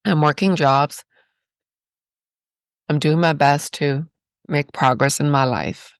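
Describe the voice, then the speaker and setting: With a deep, steady voice and a slow delivery, this Irish woman recounts personal stories as a podcast guest, and there is no room sound. Her tone is reflective and spiritual, sprinkled with rhetorical "right?".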